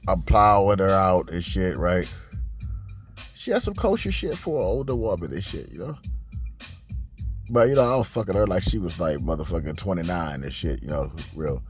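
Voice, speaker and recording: A man hosting a podcast, telling a crude comic story in a profane, rambling, bragging way and getting louder and higher as it builds. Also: expressive, moderate pace, faint music behind. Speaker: podcast host.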